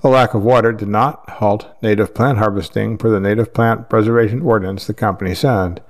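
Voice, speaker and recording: A man reading news articles aloud in a steady, measured way, with the odd slip. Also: on the low side. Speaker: news reader.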